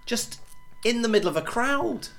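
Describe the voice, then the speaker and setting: A man's voice: extremely high pitch, expressive, moderate pace, a crowd in the background. A man co-hosting a comedy podcast, teasing the others with dry banter. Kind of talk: casual comedy podcast chat.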